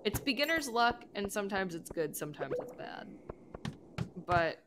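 Very animated and mid-range, this woman's voice moves at a moderate pace amid background noise. She's a gaming streamer chatting playfully while she plays, rambling and giggling often, with game music behind her.

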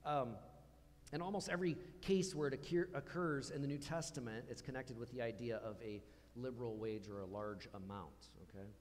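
A man's voice: mid-range voice, a little fast, a little mellow, in a large hall, slight background noise. A man preaching a conversational sermon in a church, asking the congregation questions as he goes. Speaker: pastor. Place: church hall.

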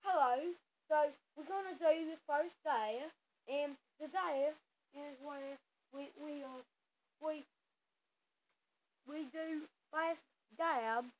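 High-voiced American woman faking British. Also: slow pace, long pauses. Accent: American, putting on a mock British accent. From United States. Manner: playful, rambling, self-mocking. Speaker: vlogger doing viewer dares. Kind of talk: casual, goofy video chat. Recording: dull lo-fi audio with faint hiss.

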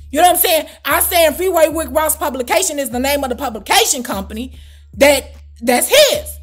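High-voiced, animated storytelling woman. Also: a little fast, soft background music. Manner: animated, loud and profane, exclamatory. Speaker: storytime vlogger. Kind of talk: casual storytime.

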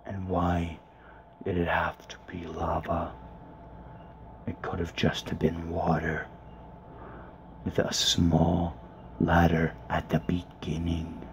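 Man, low monotone whisper, profane muttered gameplay commentary from a closet. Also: slow, pauses often. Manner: hushed, grumbling, profane. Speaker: let's player. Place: small closet. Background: faint background noise.

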